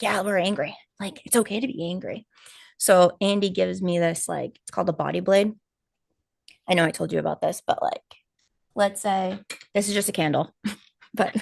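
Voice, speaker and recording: A woman co-hosting a live stream, telling a personal story in casual chat, animated and full of fillers and quoted asides. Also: lowish voice, vocal fry, dry recording, studio quality. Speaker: co-host of a spiritual healing live stream.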